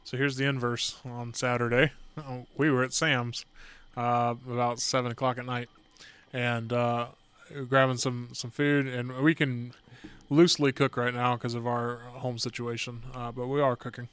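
A man's voice: medium pitch, level tone, a little slow, a bit bright, clear, resonant tone, no room sound. A man co-hosting a casual chat, speaking steadily.

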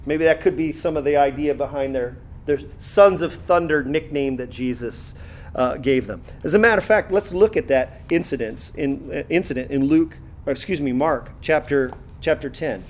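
A man preaching a sermon in a conversational way, reading scripture aloud and pausing to comment, with many fillers and restarts. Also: on the high side. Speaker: pastor.

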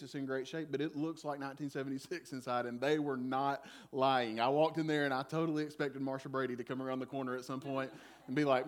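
High-voiced pastor telling a story. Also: male voice. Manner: animated, chatty storytelling with self-deprecating humor. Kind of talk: sermon storytelling.

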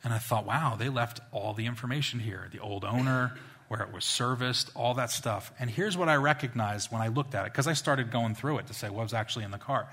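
Pastor, male, lively conversational sermon delivery, bright forward tone. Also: medium pitch, slightly rough. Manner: animated, conversational storytelling.

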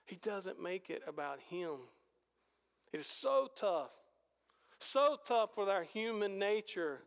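A man preaching a sermon with animated storytelling and rhetorical questions, in a large church hall. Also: sits high, takes it slowly, creaky, clear, resonant tone. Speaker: pastor. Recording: long hall reverb.

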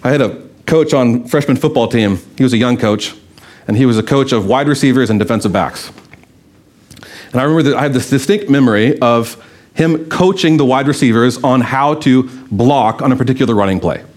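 A man's voice: medium pitch, a little fast, darkish tone. A man preaching a sermon in a conversational way, asking rhetorical questions and telling stories. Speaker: pastor.

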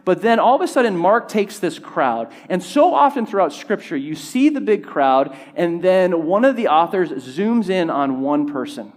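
A man preaching a sermon, stepping through a Bible passage verse by verse and rising in pitch and volume when he quotes the shouting. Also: sing-song, moderate pace, hardly any pauses. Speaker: pastor.

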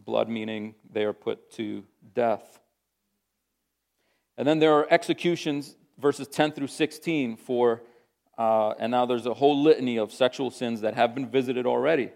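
A male pastor teaches through a Bible passage in an unhurried, conversational sermon. His voice sits at an ordinary middle pitch, and he stops often to rephrase and restart his thoughts. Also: gravelly, darkish tone.

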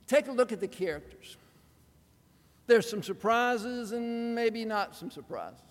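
A little slow, the preacher's high, lively voice plays up drama and sly humor through his sermon. Long reverberation from the vast church hall hangs after each of his phrases.

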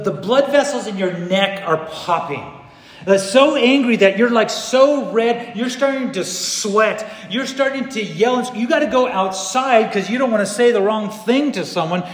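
A high-voiced man preaching a sermon in a church hall, his voice ringing with long reverb. He swings between loud, animated stretches and low, hushed passages. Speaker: pastor. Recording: echoey hall.

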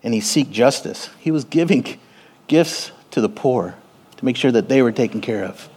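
A man preaching a sermon in a church, animated, swinging between quiet and loud and calling on the congregation. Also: mid-range voice, moderate pace, husky. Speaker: pastor. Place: church sanctuary.

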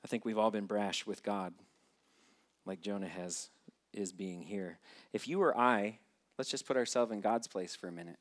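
A man's voice: fairly low pitch, moderate pace. Man preaching a conversational sermon. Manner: conversational, questioning the listeners directly.

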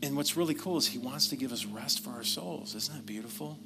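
A pastor delivering a conversational sermon, with chatty asides and questions to the congregation. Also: male voice, mid-range voice, brisk. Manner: conversational, animated preaching with asides.

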